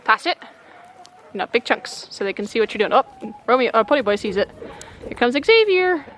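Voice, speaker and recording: A woman's voice: mid-range voice, a little fast, fairly bright tone. A woman vlogging on her farm, patiently giving her small son short repeated instructions as she shows him how to feed the chickens. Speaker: homestead vlogger and mother. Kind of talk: casual instructions to her child. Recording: outdoor camera audio with clear farm noise. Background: chickens clucking.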